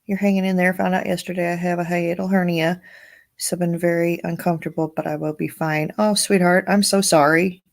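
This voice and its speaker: A woman's voice: on the low side, flat delivery, a little fast. A woman hosting a casual livestream, reading viewer comments aloud and chatting bluntly, with frequent swearing and laughter. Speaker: livestream host.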